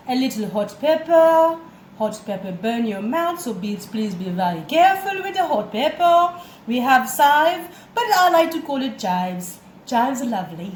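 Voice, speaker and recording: A woman's voice: high-pitched, slight background noise. A woman putting on a hammy mock French accent. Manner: hammy, exaggerated. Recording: echoey room.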